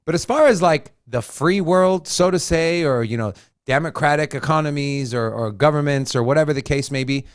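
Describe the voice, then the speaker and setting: A man's voice: a little high, moderate pace, clean tone, no room sound, studio quality. A man co-hosting a casual crypto chat, joking and teasing as he lays out his opinions. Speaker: co-host.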